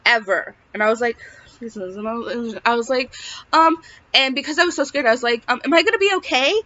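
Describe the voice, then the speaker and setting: A woman's voice: on the high side, fairly even intonation, brisk, bright, forceful tone, dry recording. A young woman telling a personal story in a casual vlog, rambling with lots of fillers. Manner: rambling, filler-heavy, emotional retelling. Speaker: vlogger. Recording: dull lo-fi recording.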